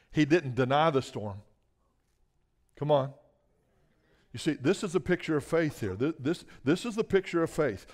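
A man preaching a sermon, moving between hushed asides and loud emphatic bursts and calling out to the congregation for a response. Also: mid-range voice.

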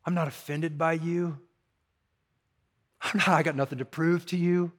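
A man voicing a gentle, patient male teacher who speaks softly and reassuringly, quoted in a sermon. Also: a little high, measured pace, natural voice. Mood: tender. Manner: soft, reassuring.

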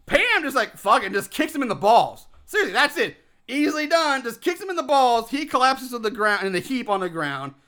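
A man co-hosting a podcast, loudly recapping a bad movie in a profane, ranting casual style. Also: very high-pitched. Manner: loud, ranting, swears a lot. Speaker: podcast co-host.

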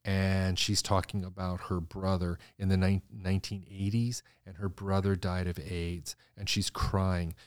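Low-voiced man telling lively stories. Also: a little slow, hardly any pauses, no room sound, studio quality. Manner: animated, acts out quoted voices. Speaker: interior designer guest. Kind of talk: conversational interview storytelling.

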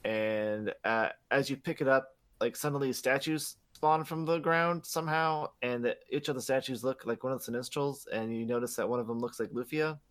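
A man's voice: mid-range voice, normal speed, few pauses, a bit bright. A man co-hosting a podcast, casually retelling a game's plot with lots of fillers and swearing. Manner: rambling, profane, many fillers. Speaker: podcast co-host. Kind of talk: casual game recap.

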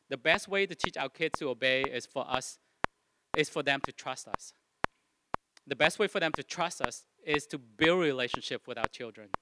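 Earnest male preacher, noisy recording. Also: a little high. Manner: earnest, restarts and self-corrects often. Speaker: pastor. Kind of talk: sermon. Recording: loud background noise.

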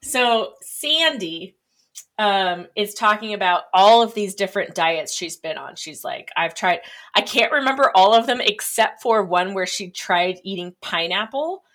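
A woman co-hosting a casual podcast, wry and quick to laugh. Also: mid-range voice, expressive, fairly bright tone. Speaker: podcast co-host. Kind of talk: casual chat.

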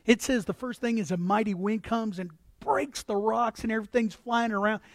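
A man preaching a sermon as pastor, animated, acting out voices and repeating words as he builds his points. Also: high voice, normal speed, no echo, clean studio sound.

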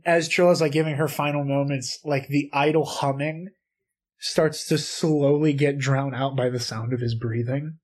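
A man co-hosting a casual podcast, telling game stories with lots of fillers and excitable energy. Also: a little high, normal speed. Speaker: podcast co-host. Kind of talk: casual podcast chat about video games.

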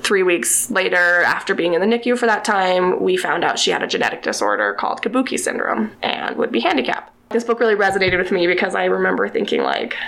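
Young woman, podcast guest, gravelly fry at the ends of her lines, casual and chatty, sprinkles "like" as she retells a children's book. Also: fairly low pitch, big pitch swings, fast talker, hardly any pauses, fairly bright tone. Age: young adult. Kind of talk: casual storytelling chat.

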